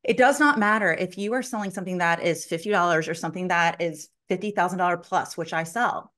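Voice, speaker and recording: Animated woman telling sales stories. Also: on the low side, fast talker. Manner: animated, acts out quoted voices, heavy use of "like"; blunt, swears casually. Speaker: sales consultant guest. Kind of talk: casual storytelling in an interview.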